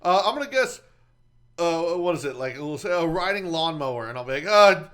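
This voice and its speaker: A man co-hosting a casual podcast, telling animated stories and swearing freely. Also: a little high, a little fast, clean tone. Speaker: podcast co-host.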